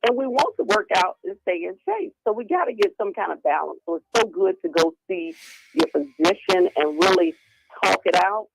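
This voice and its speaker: A woman guest on a podcast, talking in a casual, animated way and often acting out what other people say, heard over a remote call line. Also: medium pitch, normal speed, vocal fry, very noisy. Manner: animated, acting out quoted voices. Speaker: guest speaker on women's health. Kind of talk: casual conversational interview.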